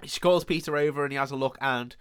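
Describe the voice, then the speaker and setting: A man's voice: medium pitch, fast talker, fairly bright tone, smooth. A man co-hosting a casual podcast, retelling a film scene by scene with plenty of swearing and laughter. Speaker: podcast co-host. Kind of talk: casual film-recap chat.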